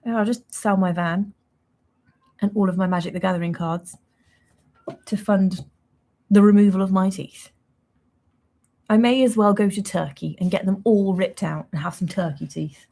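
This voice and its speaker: A woman's voice: medium pitch, steady tone, normal speed, pauses often, warm tone. A young woman hosting a casual livestream, chatting in a rambling, self-mocking way and laughing often. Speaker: livestream host.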